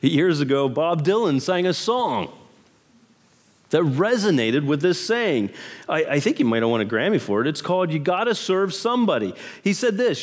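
A man preaching a sermon in an emphatic, measured way, asking rhetorical questions. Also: a little high, big pitch swings, in a large hall. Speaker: pastor.

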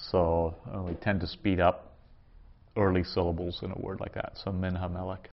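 A man teaching a Hebrew grammar class around a table, explaining patiently and sounding out words slowly. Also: low voice, little pitch movement, lo-fi sound, a little hiss or hum.

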